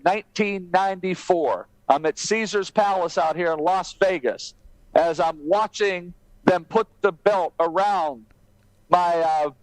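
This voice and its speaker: An emphatic man speaking as a podcast guest, with his voice climbing high at the exciting parts of a story. His pitch sits fairly high for a man, and the sound is dry and close. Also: dry recording, low-quality recording.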